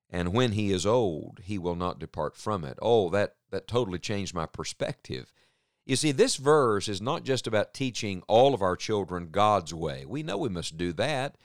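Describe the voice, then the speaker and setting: A middle-aged man delivers a sermon with earnest conviction, leaning on deliberate pauses and stressed words. His voice sits low, and it is recorded close and dry, with no room sound around it. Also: no room sound. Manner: earnest, measured preaching with emphatic pauses. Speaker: preacher.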